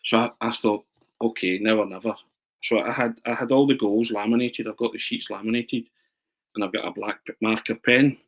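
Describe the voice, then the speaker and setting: Brisk and fairly low-pitched, this interviewed journalist and writer recounts stories with plenty of laughter. His animated delivery is full of repeats and restarted phrases, and the recording is low quality.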